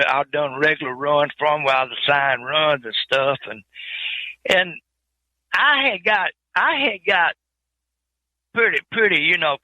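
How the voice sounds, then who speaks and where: A man's voice: a little high, sharp tone, dry recording, dull audio. A man telling his trucking life story in an interview, in plain folksy speech with many repeated words.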